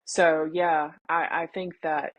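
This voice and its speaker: A woman's voice: deep voice, little pitch movement, slow pace, a little hiss or hum. A young woman guest speaking candidly and with feeling in a casual interview, often acting out what her family said. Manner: candid and emotional, reenacting family dialogue. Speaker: podcast guest.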